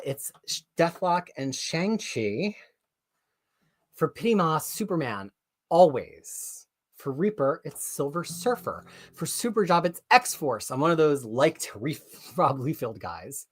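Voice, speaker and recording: A live-stream host chatting casually and reading viewer comments aloud, excitable and rambling, often correcting themselves mid-sentence. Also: medium pitch, measured pace.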